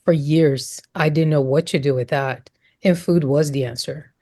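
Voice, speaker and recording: A woman on a podcast talking in a casual chat, with a thoughtful, measured delivery. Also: sits low, fairly even intonation, mellow. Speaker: podcast panelist.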